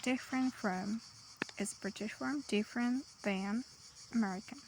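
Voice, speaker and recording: Slow, gravelly-voiced woman teaching English. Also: fairly high pitch, slight background noise, low-quality recording. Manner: slow, listing word pairs with pauses. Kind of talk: vocabulary lesson.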